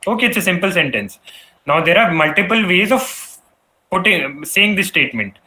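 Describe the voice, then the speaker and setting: A young man addresses an audience with a high, bright, forceful voice. He lectures earnestly, often stopping to restart words and leaning on "you know" as he works through his points. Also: animated, moderate pace, rough recording. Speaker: guest speaker. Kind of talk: motivational talk on public speaking. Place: event hall.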